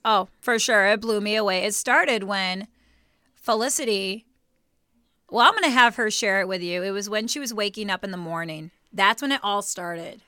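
A woman co-hosting a casual faith podcast, playful and quick with reactions. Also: mid-range voice, sharp tone, clear, resonant tone, no room sound, studio quality. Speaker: podcast co-host.

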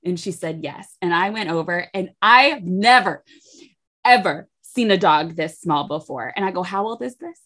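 This is a young woman co-hosting a chatty podcast. She tells family gossip in a lively storytelling way and voices each quoted person as she goes. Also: lowish voice, moderate pace. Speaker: podcast co-host. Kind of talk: casual chat.

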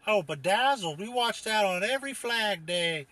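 A man's voice: high voice, lively intonation, moderate pace, bright, forceful tone, no room sound, pitched above the performer's own voice. A man voicing a dim-witted, doting father on a comedy panel who rambles eagerly and mixes things up. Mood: rambling. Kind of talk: improvised comedy character.

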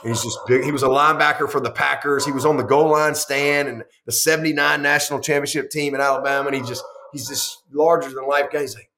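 With a medium-pitched voice, a quick pace and hardly any pauses, a middle-aged head football coach tells long, animated stories in a conversational interview over a noisy background. He restarts sentences and performs the dialogue he quotes.

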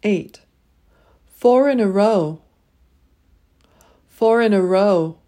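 A woman leading a pronunciation drill, saying each word twice and pausing so listeners can repeat. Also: mid-range voice, mellow. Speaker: pronunciation teacher.

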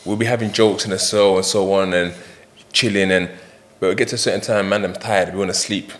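A man's voice: low voice, fairly even intonation, a bit bright. A man telling prison stories in a casual podcast chat, acting out other people's lines as he goes. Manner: fast storytelling, acts out quoted voices, laughs while telling. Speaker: podcast guest.

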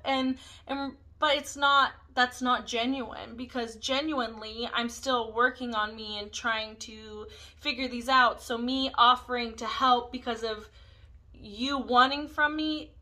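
Candid, bright-voiced woman podcaster. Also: a little high, steady tone, normal speed, rough recording. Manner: candid, rambling, self-reflective. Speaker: podcast host. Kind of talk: casual personal monologue.

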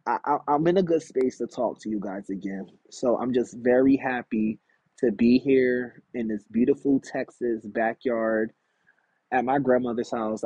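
Husky man in a candid solo podcast. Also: medium pitch, dark tone, dry recording. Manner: rambling, confessional and frank. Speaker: podcast host. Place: outdoors in a backyard.

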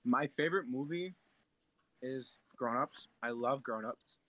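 A man's voice: medium pitch, unhurried, a bit bright, dry recording, poor audio. A young man co-hosting a casual podcast chat, joking, teasing and rambling. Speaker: podcast co-host.

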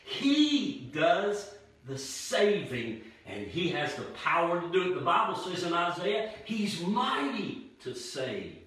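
A man's voice: sits high, huge pitch swings, fairly bright tone. Echoey preacher man. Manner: emphatic evangelistic preaching with dramatic pauses. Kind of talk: sermon. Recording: very echoey room, voice far from mic.

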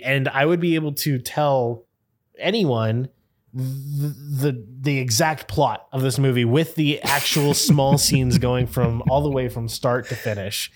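A male podcast co-host telling a rambling personal story in casual chat. His speech is loose and full of "like" fillers, and he keeps breaking into giggles. His voice sits at an ordinary middle pitch.

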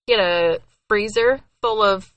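A woman's voice: medium pitch, a little slow, fairly bright tone, dry recording, highs cut off. A young woman co-hosting a podcast in casual chat, chatty, with many fillers and frequent laughter. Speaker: podcast co-host.

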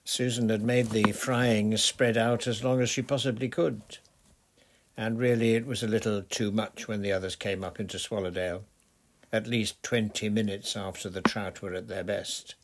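A man narrating a children's adventure novel in a steady, measured storytelling voice. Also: fairly low pitch, background noise. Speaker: audiobook narrator. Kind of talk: scripted narration.

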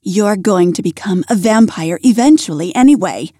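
A woman's voice: medium pitch, animated, moderate pace, warm tone, husky, no room sound, clean studio sound. A woman playing a hissing vampire. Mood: scornful. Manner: hissing, scornful. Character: old haughty female vampire, hissing predator.

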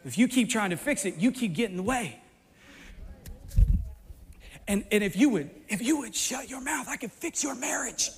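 A male preacher voicing God as calm and patient, gently scolding worriers in a slow, soft, unhurried way. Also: extremely high pitch, creaky, long reverb tail, heavily acted.

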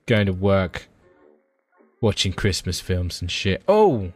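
A man's voice: low-pitched, very animated, slow, dry recording, faint music behind. A man co-hosting a casual podcast, swearing freely and ranting with energy. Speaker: podcast co-host. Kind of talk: casual chat.

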